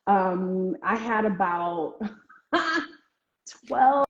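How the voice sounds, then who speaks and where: A woman author chatting casually in an interview, full of ums and restarts. She often acts out other people's reactions in a high, excited voice. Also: drawn-out words. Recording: echoey, dull lo-fi call audio.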